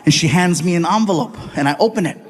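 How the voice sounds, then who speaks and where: Male stand-up comic on stage, high voice, chatty, teases the audience. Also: fast. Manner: animated, chatty, ribs the audience. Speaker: stand-up comedian. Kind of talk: stand-up comedy. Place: live comedy stage.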